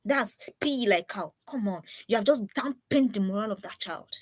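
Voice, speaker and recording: A woman's voice: medium pitch, lively intonation, moderate pace, no echo. A woman giving an earnest, preachy live talk to parents, often repeating herself. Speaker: parenting speaker.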